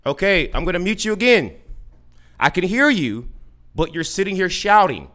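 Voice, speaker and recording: Sing-song and high-pitched, with a slightly bright tone, this podcast host mocks a caller on a combative live show. At a moderate pace, he keeps firing the same sarcastic questions, frequently stumbling and restarting.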